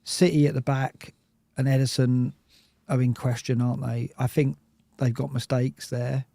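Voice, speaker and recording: A man's voice: mid-range voice, little pitch movement, moderate pace, creaky, dark tone, no echo. A man co-hosting a football podcast, chatty, laughing easily and restarting his sentences. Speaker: podcast co-host. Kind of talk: casual football chat.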